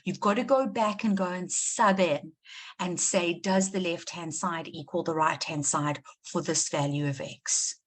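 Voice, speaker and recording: Her voice is fairly low and a little slow. She is a maths teacher from South Africa leading a live online revision session, firing questions at students, encouraging them, and repeating the main points to drive them home.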